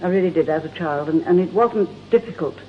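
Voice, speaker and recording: A woman's voice: fairly low pitch, quick pace. An older woman from England, a guest on a talk show, telling stories in a chatty way and laughing often. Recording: dull lo-fi broadcast with faint hiss.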